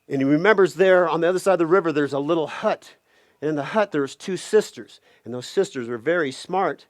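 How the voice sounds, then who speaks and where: A man telling a folk tale aloud, animated, with playful asides. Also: a little high, a little fast, no echo. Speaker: storyteller.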